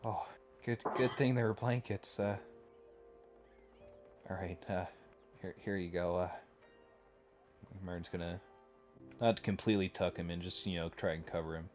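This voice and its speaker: A young man with a deep voice speaks casually as a player in a tabletop game, stumbling over fillers as he goes. Faint music plays behind him on the voice chat. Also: fairly even intonation, normal speed, long pauses, a little mellow. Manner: hesitant, full of filler words.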